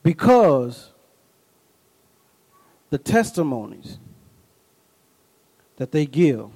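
A man's voice: a little high, very animated, very slow, darkish tone, breathy edge, low-quality recording. A middle-aged man preaching a sermon as pastor. He tells folksy stories with call-and-response asides and rises into bursts of emphasis.

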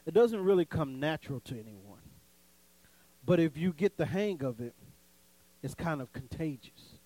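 High-voiced man preaching with dramatic swings. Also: expressive, moderate pace, warm tone, rough recording. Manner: call-and-response preaching, dramatic swings in pitch and volume; folksy, conversational asides with laughter. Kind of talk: sermon.

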